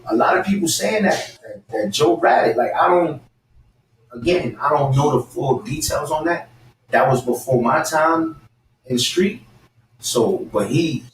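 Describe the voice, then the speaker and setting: A man of around forty, a guest telling stories and delivering an animated, heated callout rant that breaks into shouting. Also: a little high. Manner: animated, fired-up, repeats his target's name, bursts into shouting. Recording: echoey room, mic set at a distance, faint background hiss.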